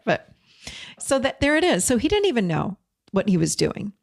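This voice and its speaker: A woman's voice: on the high side, big pitch swings, moderate pace, creaky, pauses often. A woman hosting an advice podcast, talking in an earnest, direct coaching way and mixing in personal stories. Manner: chatty, frequent "you know". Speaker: podcast host and codependency coach.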